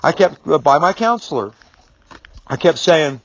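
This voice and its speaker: High-voiced middle-aged man, rambling and emphatic. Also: lively intonation, measured pace, highs cut off. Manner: casual, rambling, many restarts and mild swearing; firm, emphatic repetition. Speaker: business speaker. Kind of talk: storytelling video monologue.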